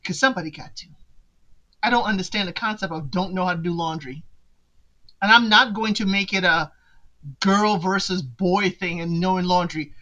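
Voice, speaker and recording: Bright-voiced chatty woman podcast host. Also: lowish voice, moderate pace, dull audio. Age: adult parent of sons. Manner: chatty, talks straight to listeners as "y'all", teasing asides. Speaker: podcast host recapping a reality show. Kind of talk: casual commentary chat.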